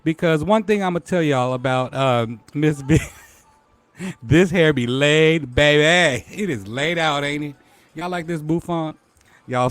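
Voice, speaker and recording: A man's voice: a little high, no echo. A man hosting a live-stream talk show, playful and joking, greeting viewers by name between laughs. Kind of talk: casual live-stream chat.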